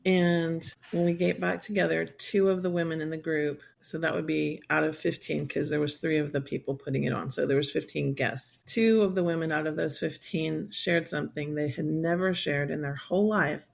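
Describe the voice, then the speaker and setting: A woman in her sixties, a guest and survivor advocate, tells a personal story in a podcast interview, candid and rambling. Her voice is low and steady with a gravelly edge, and she slips into quick quoted voices of herself and others.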